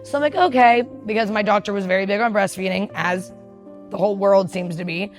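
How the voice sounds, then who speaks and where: A woman's voice: medium pitch, a little fast, faint music behind. A woman in her thirties candidly telling a personal story, blunt and profane, often laughing and acting out what people said.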